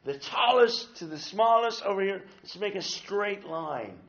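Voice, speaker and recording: A man doing a brisk ex-sailor minister. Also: sits high, lively intonation, a bit bright, highs cut off, voice pushed up, heavily acted. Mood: commanding. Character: commanding male minister, ex-sailor, playful.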